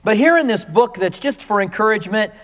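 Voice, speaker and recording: A male pastor preaching a conversational, animated sermon to his congregation. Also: high-pitched, brisk, in a large hall.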